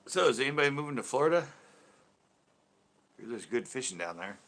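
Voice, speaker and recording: A man's voice: mid-range voice, big pitch swings, fairly quick, a bit bright. A man from California, hosting a fishing channel in casual livestream chat, ranting loosely and swearing freely.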